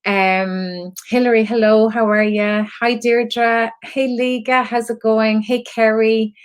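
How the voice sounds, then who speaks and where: A woman's voice: fairly high pitch, little pitch movement, takes it slowly, clean tone. An Irish woman hosting a live stream for her creative community, talking in an earnest, rambling way with fillers and laughs, close to tears. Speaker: host of an online creative community. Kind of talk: casual live-stream talk to viewers.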